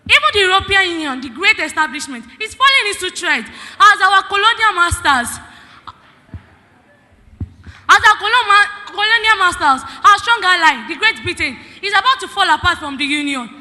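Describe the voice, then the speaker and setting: A woman's voice: very high voice, expressive, normal speed, pushed and bright. Emphatic Nigerian teenage girl debating. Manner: emphatic, rhetorical questions. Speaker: student debater. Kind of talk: formal school debate speech. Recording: hall reverb.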